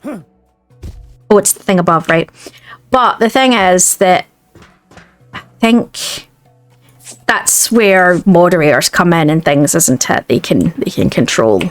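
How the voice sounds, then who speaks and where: Rambling Scottish woman gamer. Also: fairly low pitch. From Scotland. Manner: rambling, chatty. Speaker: gaming video creator. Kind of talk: casual chat while playing a game.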